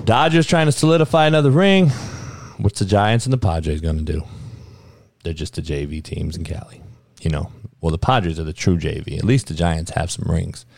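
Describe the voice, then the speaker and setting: Here a low-pitched man with vocal fry hosts a podcast, ranting bluntly about sports at a moderate pace and swearing frequently in a lively, casual tone. No echo is audible.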